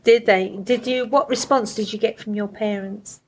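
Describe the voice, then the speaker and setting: A woman's voice: a little high, steady tone, normal speed. A woman from the school staff presenting a casual podcast chat, prompting the children to speak and praising them.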